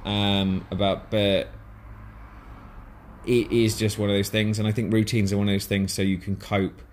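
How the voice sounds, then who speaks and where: Deep-voiced man rambling on a podcast. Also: flat delivery, normal speed, a little mellow. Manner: rambling, hesitant, many fillers and restarts. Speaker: podcast co-host. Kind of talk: casual podcast chat.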